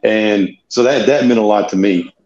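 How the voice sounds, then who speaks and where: A man in casual chat, earnest and quick to laugh. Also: on the low side, darkish tone, roomy sound, highs cut off.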